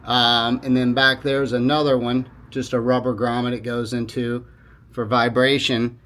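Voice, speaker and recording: A man with a middle-pitched voice talks through a repair job as he works, loose and informal. He corrects himself as he goes and drops in quick apologies, sounding like a hands-on DIY video host. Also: flat delivery, a bit bright. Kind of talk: casual how-to narration.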